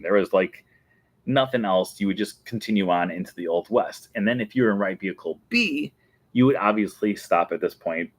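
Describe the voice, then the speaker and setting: Chatty low-voiced man. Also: no room sound. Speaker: host. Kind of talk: casual chat.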